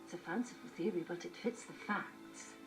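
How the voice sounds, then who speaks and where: A woman's voice: on the low side, moderate pace, over music, natural voice. An actress playing a composed, clever reptilian lady detective who reasons in a cool, precise way. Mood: cool reasoning.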